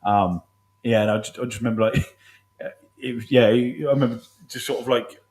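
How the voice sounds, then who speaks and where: A man's voice: medium pitch, steady tone, normal speed, darkish tone, echoey room, poor audio. A man telling army stories in casual chat, swearing often and laughing as he goes. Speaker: podcast host.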